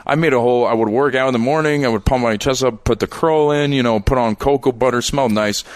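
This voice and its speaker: Brief: Canadian-raised man in his thirties, mid-pitched, swearing and restarting as he spins a long anecdote. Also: fast, dry recording, clean studio sound. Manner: rambling, profane, with frequent restarts and laughs. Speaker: guest. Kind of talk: casual storytelling.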